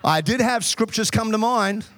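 A man's voice: sits high, moderate pace, a bit bright. A man preaching a sermon to a congregation, telling humorous personal stories. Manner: humorous storytelling, addresses the congregation.

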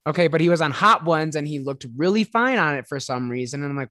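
A man's voice: on the high side, fast talker, hardly any pauses, sharp tone, no room sound. Man, Midwestern accent, podcast co-host, bawdy, playful, giggly, dry studio sound. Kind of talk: casual chat.

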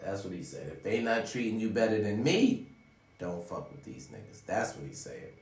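Low-voiced man preaching life advice, roomy. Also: big pitch swings, moderate pace, far from the mic. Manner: preachy, profane, repeats "ladies and gentlemen". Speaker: vlogger giving life advice. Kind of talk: motivational monologue to the audience. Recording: roomy sound, away from the mic.

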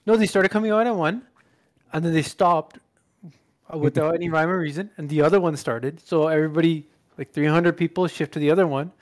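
A man's voice: on the high side, brisk. A man in casual chat, recounting a mishap in a laid-back, emphatic way.

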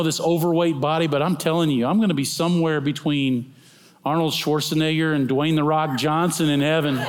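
Middle-aged preacher guy, highish voice, goes soft then loud, long hall echo. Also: smooth. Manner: swings from soft and slow to loud proclaiming. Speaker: pastor. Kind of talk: sermon.

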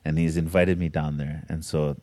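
A man's voice: rumbling low, flat delivery, normal speed, darkish tone, no echo, studio quality. A man chatting casually and enthusiastically about spearfishing and hunting, swearing freely. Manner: laid-back, profane, enthusiastic. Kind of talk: casual podcast chat.

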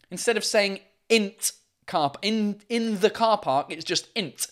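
A man with a high, expressive voice runs a laid-back livestream from his home at a normal pace. He reads viewer comments aloud and rambles, packing his talk with fillers and swearing.

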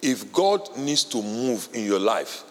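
A male pastor preaching a sermon with fervor, building from quiet, urgent stretches to loud shouted declarations. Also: mid-range voice, very animated, slow pace. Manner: fervent preaching, rising to shouts. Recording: long hall reverb.

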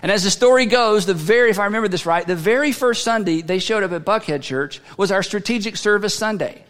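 A man preaching a sermon as a pastor, telling a story in a conversational way with halting restarts. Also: sits high, fairly bright tone. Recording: long hall reverb.

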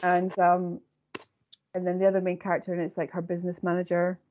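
A woman's voice: lowish voice, completely flat delivery, fairly quick, darkish tone, a little hiss or hum. A woman co-hosting a podcast, chatting casually and rambling with many fillers. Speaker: podcast co-host. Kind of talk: casual chat. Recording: dull lo-fi recording.

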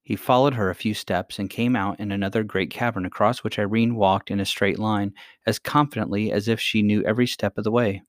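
A man calmly reading a children's story aloud as narrator. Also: lowish voice, brisk, no room sound, studio quality.

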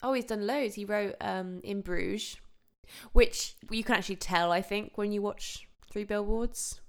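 A young woman co-hosts a film podcast, talking casually and laughing often. Her voice is mid-range and her pace is measured.

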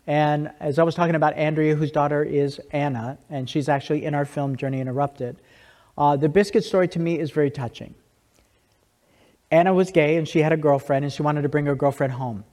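A man with a fairly high voice tells stories to an audience in a loose, conversational way, often restarting his sentences. His voice carries a long reverb tail from a large hall. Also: steady tone, a little fast, a little mellow. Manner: conversational, with many restarts and asides. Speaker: speaker giving a testimony. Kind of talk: storytelling talk to an audience.

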